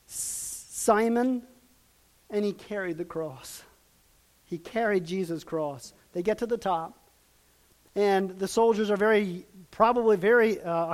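Man, preacher, sermon, high voice, dramatic, loud peaks and hushed lows. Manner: swings from loud emphatic peaks to hushed, low passages; dramatic, acts out quoted lines and asks the audience questions.

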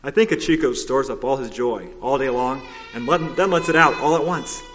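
A man voicing a kindly older professor in a storybook, speaking gently and reassuringly. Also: mid-range voice, normal speed, faint music behind, natural voice. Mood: gentle. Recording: long hall reverb.

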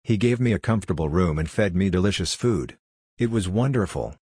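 Goat-man woodland spirit voiced by a man, contented and grateful, low husky voice, dry sound. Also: expressive, brisk, darkish tone, no room sound.

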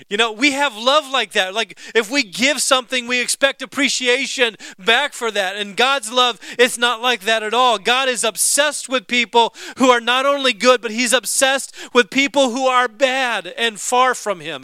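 A male pastor preaching a sermon in a conversational, joking way, slowing down to stress scripture. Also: very high voice, sharp tone, clean tone, no room sound.

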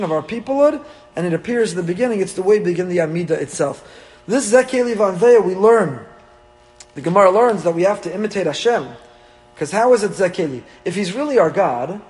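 A man, a rabbi, teaching a weekly Torah class in an animated way, acting out little dialogues with humor. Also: sits high. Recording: long hall reverb.

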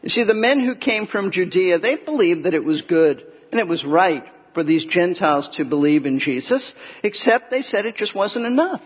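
A man's voice: sits high, lively intonation, moderate pace, few pauses, breathy edge. A man preaching an expository sermon, earnest and emphatic, explaining scripture step by step. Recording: echoey hall, muffled lo-fi sound.

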